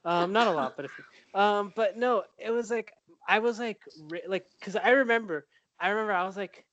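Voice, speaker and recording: A man's voice: sits high, a little fast, a bit bright, no room sound, muffled recording. A young man co-hosting a casual podcast, rambling and restarting his sentences. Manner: rambling, hesitant, restarts often. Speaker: podcast co-host. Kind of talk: casual chat.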